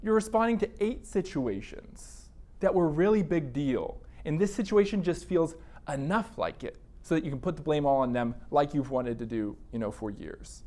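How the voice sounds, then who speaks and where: A man's voice: fairly high pitch, animated, normal speed, a little mellow. A man giving a university counseling lecture in a casual, conversational way, acting out his own inner dialogue. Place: classroom.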